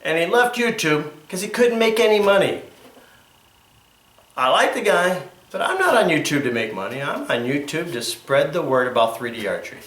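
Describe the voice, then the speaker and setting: A man's voice: on the high side, expressive, moderate pace, a bit bright, echoey room. A man hosting an archery video, talking in a chatty, jokey and rambling way. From Connecticut, USA. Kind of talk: casual vlog narration.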